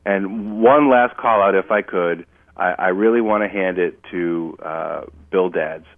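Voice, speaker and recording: A very deep-voiced man chats casually as a podcast co-host. He rambles and stops often, filling gaps with "uh" and "you know". His voice comes through a narrow, tinny phone line. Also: dry recording. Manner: rambling, halting, many fillers. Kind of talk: casual chat.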